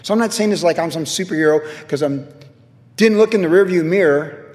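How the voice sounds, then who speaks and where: A man's voice: on the high side, a little fast, darkish tone, long reverb tail. A middle-aged man preaching a sermon as a pastor, telling a personal story in a casual, self-deprecating way.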